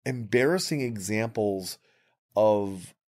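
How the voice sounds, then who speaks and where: Podcast co-host, male, somewhat low voice, blunt and opinionated, casual chat with restarts. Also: a little mellow. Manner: opinionated, frequent restarts, drawn-out phrasing.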